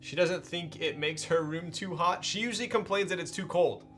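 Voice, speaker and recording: A man's voice: on the high side, normal speed, fairly bright tone, soft background music. A man chatting casually with his live-stream audience while he builds a keyboard, greeting viewers in a laid-back way.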